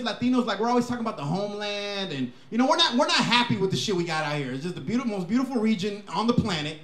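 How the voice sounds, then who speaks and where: A man doing a stand-up comedy set in a comedy club, with a brash, profane and punchy delivery. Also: high-pitched. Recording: echoey live club recording.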